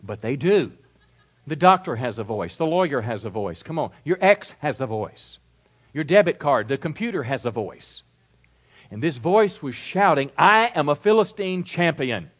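A man preaching a sermon with a wide, lively pitch that climbs on every key point. He alternates between booming declarations and softer, conversational asides, like a pastor working a congregation. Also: moderate pace, breathy edge. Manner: emphatic preaching, swinging between loud declarations and quiet asides.

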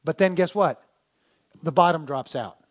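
A man with a high voice preaches to his congregation in a folksy, animated way. He tells stories and throws out rhetorical questions, speaking as the pastor. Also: moderate pace. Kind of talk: sermon.

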